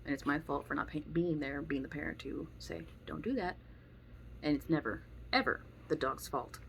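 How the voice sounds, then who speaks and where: A woman's voice: deep voice, fairly even intonation, fairly quick, vocal fry, fairly bright tone, a little hiss or hum. A young woman giving blunt, opinionated advice about dogs and kids in a casual monologue. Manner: blunt, opinionated, acts out quoted voices. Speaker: dog trainer vlogger.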